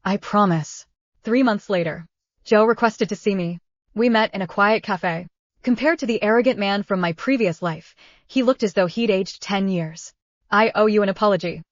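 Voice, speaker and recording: A woman telling a scripted first-person drama in a steady, even voice at an ordinary pitch. The recording is dull and a bit lo-fi, and the room is dry with no echo. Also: moderate pace. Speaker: story narrator.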